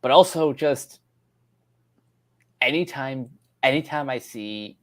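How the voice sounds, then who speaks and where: A woman with a remarkably deep voice, co-hosting a film review chat. She speaks slowly and sincerely, weighing her words. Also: steady tone.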